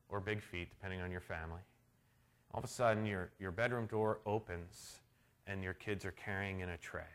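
A middle-aged male pastor preaching a sermon, shifting from hushed storytelling to loud, emphatic declarations. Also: low voice.

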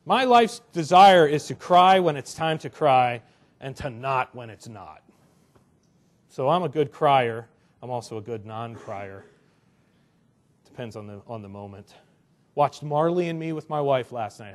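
A young man preaching a conversational sermon, animated, with joking asides to the congregation. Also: mid-range voice, normal speed. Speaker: pastor.

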